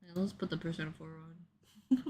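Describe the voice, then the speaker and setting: A woman's voice: low voice, steady tone, moderate pace, mellow, slight background noise. A young woman chatting casually while drawing live, giggling often and rambling with lots of filler words.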